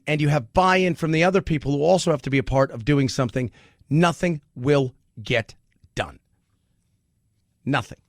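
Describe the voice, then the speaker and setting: A man's voice: on the high side, no room sound. A middle-aged man hosting a talk radio show, talking bluntly and sarcastically in a rambling monologue into a studio mic.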